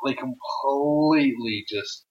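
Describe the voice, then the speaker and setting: A man co-hosting a casual wrestling chat, animated, swearing and often bursting into loud impressions of wrestlers. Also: mid-range voice, takes it slowly, slight background noise. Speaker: podcast co-host. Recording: dull lo-fi sound.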